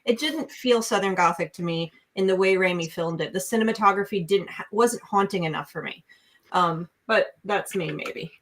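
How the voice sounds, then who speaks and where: A woman's voice: medium pitch, moderate pace. A woman from New York, co-hosting a casual podcast and analyzing a film in an opinionated way. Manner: opinionated, analytical, frequent restarts. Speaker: podcast co-host, film reviewer. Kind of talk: casual chat.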